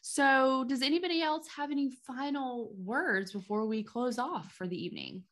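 A bubbly woman hosting a podcast call, her voice bright and a little sharp. She talks with eager enthusiasm and steers the conversation along. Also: high voice, normal speed. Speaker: podcast host. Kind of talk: casual chat.

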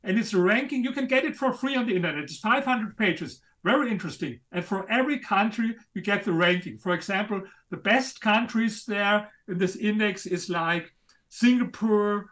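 A man with a German accent, a guest author making his case in an interview, speaking emphatically and a little haltingly. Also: high-pitched, a bit bright. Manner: emphatic, a bit halting, non-native grammar. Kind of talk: interview conversation.

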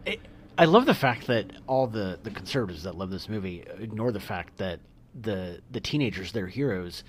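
A man co-hosting a podcast in casual chat, relaxed and agreeable. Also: fairly low pitch, moderate pace, a little hiss or hum. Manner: relaxed, agreeing, lots of fillers. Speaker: podcast co-host.

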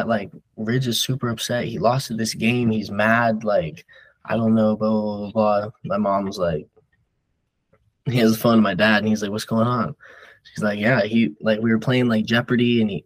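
A young man with a lowish voice talks casually as a podcast guest. He rambles through his stories, leaning on filler words and restarts. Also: low-quality recording. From Nebraska. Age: young adult. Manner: rambling, filler-heavy storytelling. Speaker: guest wrestler.

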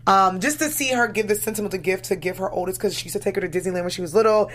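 A woman's voice: medium pitch, very fast. A woman co-hosts a casual podcast, chatting about a reality show. She laughs easily and often acts out quotes in put-on voices. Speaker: podcast co-host.

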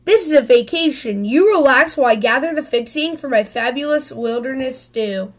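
A can-do father bear bursts with excitement over every setback, cheerful and loud. A woman reads him aloud in a high, exclaiming voice. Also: normal speed. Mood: cheery boastful. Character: eager, boastful father bear.

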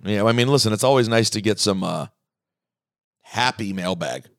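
Male podcast host, mid-pitched, close dry mic, animated mailbag reader. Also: normal speed, dry recording. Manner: animated, reads listener emails aloud. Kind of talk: casual chat, reading mailbag.

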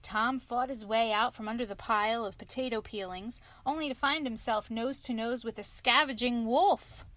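A woman narrating a children's storybook aloud in a clear, expressive reading. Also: a little high, normal speed, few pauses.

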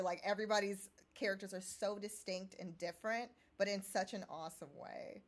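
A woman hosting a casual interview, upbeat and encouraging with drawn-out phrasing. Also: mid-range voice, steady tone. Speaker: host.

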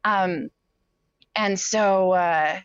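A woman's voice: mid-range voice, very slow, clear, resonant tone, no room sound. A young adult woman, an interview guest, recounting a personal story candidly, with many fillers and quoted asides. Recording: dull, lo-fi sound.

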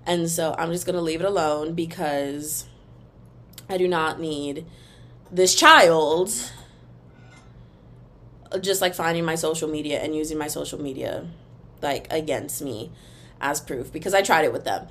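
A young woman hosts her own podcast and rants in a loose, chatty way, speaking straight to her listeners. Her voice sits a little low for a woman. Faint noise hums under the recording. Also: a little slow, long pauses. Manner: animated and expressive, sings snippets, talks to listeners as "girl" and "y'all". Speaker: podcast host. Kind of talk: casual ranting monologue.

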